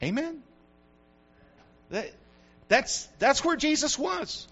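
A man's voice: very high-pitched, sing-song, slow, fairly bright tone, dull audio. An older man from the United States, a grandfather and pastor, preaching a sermon with repetition and rising emphasis.

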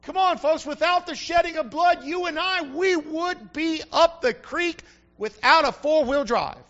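A man's voice: very high voice, unhurried, a bit bright. A middle-aged male pastor giving a folksy, emphatic sermon with repeated refrains. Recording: muffled lo-fi recording.

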